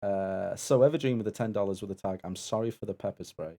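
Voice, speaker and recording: A man's voice: fairly low pitch, fast, gravelly, dark tone. A man co-hosting a charity live stream in casual banter, easygoing and often restarting his words. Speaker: co-host and assistant of a stream event.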